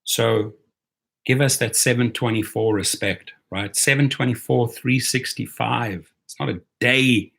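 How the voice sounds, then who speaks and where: A man's voice: medium pitch, steady tone, unhurried, vocal fry, fairly bright tone. A man with a non-native English accent hosting a live stream, talking passionately and rallying his viewers. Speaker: rideshare YouTube host.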